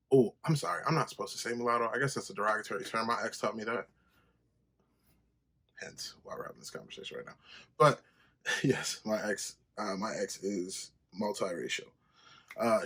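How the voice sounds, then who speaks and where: A man hosting his own podcast, telling a story in a loose, profane monologue and jumping high when he quotes himself. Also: bright, forceful tone. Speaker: podcast host. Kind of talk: casual solo podcast monologue.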